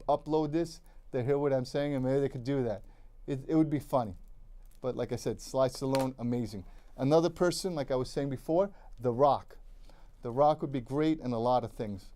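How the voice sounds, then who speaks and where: A man's voice: mid-range voice, dark tone. A man co-hosting a cable access show, chatting casually about movies in a rambling way, repeating himself and restarting his sentences.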